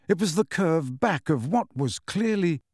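This fantasy novel is narrated by a man whose voice is a little high, telling the story in a measured, expressive way. He's an audiobook narrator, recorded dry and at studio quality.

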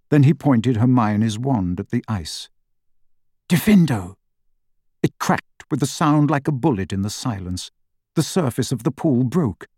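A male narrator reads a story in a measured, dramatic way. His voice sits in an ordinary middle pitch and the recording is close and dry, with no room sound around it. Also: a little mellow, dry recording. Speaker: audiobook narrator. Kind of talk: scripted narration.

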